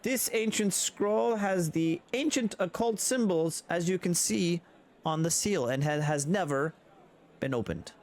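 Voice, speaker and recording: A man voicing a fussy, officious female auctioneer in a tabletop game, with a high, drawn-out announcing voice. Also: darkish tone.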